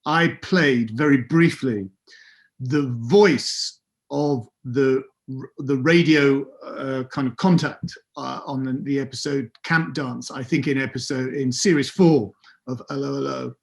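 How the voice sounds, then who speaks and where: A man's voice: medium pitch, a little slow, vocal fry. A middle-aged man from England telling anecdotes as an interview guest, hesitant, with many fillers and self-corrections. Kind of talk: casual anecdotal recollection.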